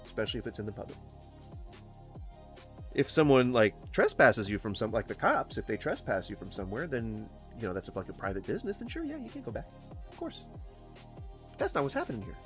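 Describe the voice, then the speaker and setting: A man hosting a reaction video, talking in a casual, joking and rambling way. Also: medium pitch. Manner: animated, joking, rambling asides. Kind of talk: casual commentary.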